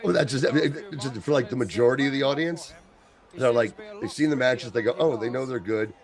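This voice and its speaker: A man co-hosting a casual chat, explaining in quick bursts with repeated restarts. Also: mid-range voice, crowd noise.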